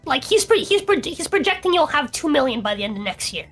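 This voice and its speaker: A woman's voice: high voice, sing-song, quick pace, a bit bright, soft background music. Drunk, swearing young woman ranting. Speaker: podcast co-host. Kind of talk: casual streamed podcast chat.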